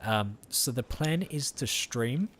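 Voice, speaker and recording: A man's voice: mid-range voice, expressive, slow pace, a bit bright, a little hiss or hum. A tired man chatting casually with viewers while streaming a game, easygoing and friendly. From Australia. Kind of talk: casual live-stream chat.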